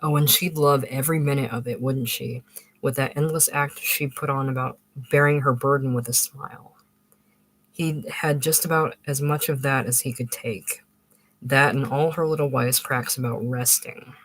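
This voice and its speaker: A narrator reading a literary short story aloud in a measured way, with occasional small restarts. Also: mid-range voice, fairly even intonation, a bit bright, low-quality recording.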